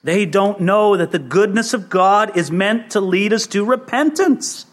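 A man preaching a sermon, acting out the voices he quotes, rising emphatic and dropping low. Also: measured pace, a bit bright.

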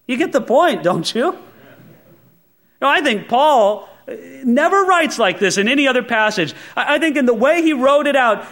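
A man with a fairly high voice delivers a sermon from the pulpit. He talks earnestly, often drawing out and stressing his quotations from scripture. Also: animated, fairly bright tone. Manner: earnest preaching, slows and stresses for scripture quotes. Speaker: pastor.

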